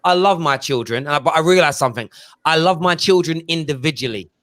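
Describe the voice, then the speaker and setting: A man hosting a casual football chat show, telling stories with lively energy and mimicking voices. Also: a little high, fast, no echo. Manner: animated storytelling, mimics his kids. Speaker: show host.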